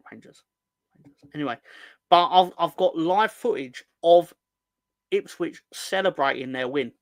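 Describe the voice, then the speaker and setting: A man's voice: a little high, measured pace, dry recording. Joking man hosting a fan livestream. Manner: joking, rambling, teasing the chat. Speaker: football fan show host. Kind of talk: casual livestream chat reading viewer comments.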